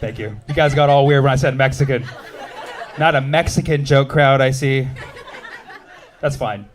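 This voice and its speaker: A man in his thirties, from the United States, doing a stand-up comedy set with quick, animated crowd work on a club stage. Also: medium pitch, a little hiss or hum.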